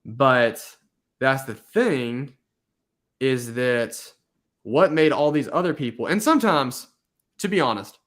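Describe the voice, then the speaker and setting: A man's voice: medium pitch, takes it slowly, long pauses. Rambling man giving casual channel tips. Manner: rambling, filler-heavy, animated. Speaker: YouTube host giving channel advice. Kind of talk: casual chat.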